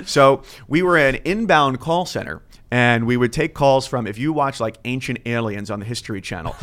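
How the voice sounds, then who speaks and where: Animated storytelling sportscaster, man. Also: medium pitch, moderate pace. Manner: animated storyteller, acts out quotes. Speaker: guest sportscaster. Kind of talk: casual storytelling chat.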